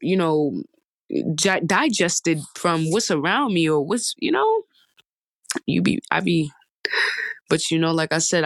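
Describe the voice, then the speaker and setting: A woman's voice: lowish voice, no echo. A woman in her twenties hosting a podcast, talking in a heartfelt, rambling way with emphatic repetition. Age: 20s. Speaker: podcast host. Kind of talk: casual storytime monologue.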